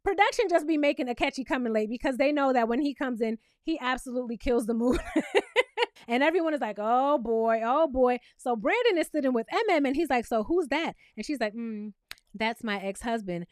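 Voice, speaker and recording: A sassy woman recaps a reality show in a casual, animated way, with a high voice. She jumps between her own comments and mock quotes. The sound is dry and close, with no room echo. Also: quick pace.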